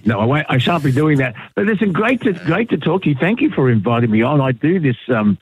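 A man's voice: a little high, big pitch swings, fast, husky, no echo. A middle-aged Australian man, a radio guest, telling stories in casual chat with lots of fillers and restarts. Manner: chatty storyteller, many fillers and restarts. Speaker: guest, radio broadcaster and podcaster. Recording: dry tinny phone line.

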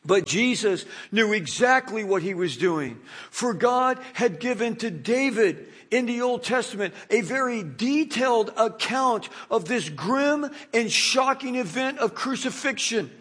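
High-voiced husky male preacher. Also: a little slow, few pauses. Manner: animated, dramatizing scripture with acted quotes. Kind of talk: sermon.

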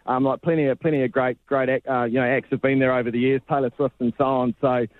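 A man's voice: mid-range voice, level tone, fast talker, dry recording, narrow, tinny audio. A man, a sports reporter chatting casually on a radio show, laid-back and full of restarts. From New Zealand. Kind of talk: casual radio phone-in chat.

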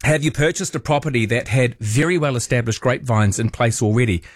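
A man's voice: mid-range voice, fairly quick, no echo, clean studio sound. A man hosting late-night call-in talk radio, chatty and playful with jokey asides. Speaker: radio host.

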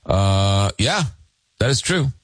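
A man hosting a late-night call-in radio show, reading listener messages aloud and answering with halting, filler-heavy talk. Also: fairly low pitch, big pitch swings, no room sound, poor audio. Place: radio studio.

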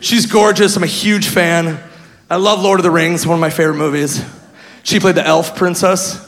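Male stand-up comic, high gravelly voice, animated and self-mocking; live hall with long reverb. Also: moderate pace. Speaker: stand-up comedian. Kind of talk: stand-up storytelling.

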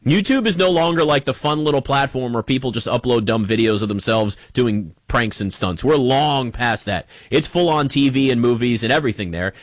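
A man's voice: mid-range voice, brisk, hardly any pauses, dry recording. Emphatic man riffing on sports media. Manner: conversational, emphatic, animated, addresses listener directly. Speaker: sports talk show host. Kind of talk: casual opinion monologue.

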